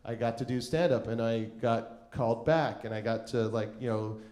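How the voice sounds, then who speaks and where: A man's voice: medium pitch, moderate pace, darkish tone, echoey room. A man doing stand-up comedy, telling a long story in a rambling, self-mocking way full of "like" and restarts. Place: comedy club stage.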